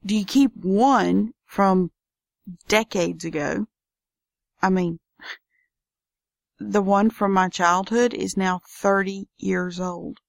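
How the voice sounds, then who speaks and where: A woman's voice: mid-range voice, takes it slowly, vocal fry, long pauses, no room sound, clean studio sound. A woman with a Southern US accent hosting a casual solo podcast from her home office, chatty and folksy. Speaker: podcast host.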